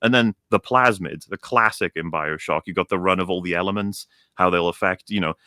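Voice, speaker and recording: A man's voice: low voice, fairly quick, bright, forceful tone, dry recording, studio quality. A young man ranting in a casual show chat, heated and profane, often restarting his sentences. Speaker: co-host.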